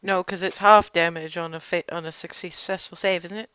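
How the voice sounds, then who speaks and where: Game master w a bright clear voice, dry close mic, fast on rules, vivid combat narration. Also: medium pitch, fairly even intonation, no echo. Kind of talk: running a tabletop game.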